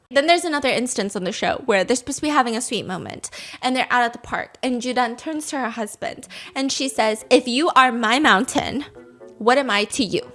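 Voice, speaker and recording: Animated, high-voiced woman telling a story. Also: normal speed, faint music behind. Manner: animated, laughs often, acts out quotes. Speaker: podcast host. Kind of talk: casual storytelling chat.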